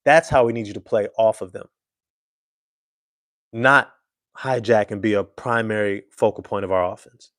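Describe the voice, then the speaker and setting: A man's voice: on the low side, fairly even intonation, moderate pace, long pauses, fairly bright tone, no room sound, clean studio sound. A man hosting casual live-stream sports commentary, emphatic and slangy, repeating his points.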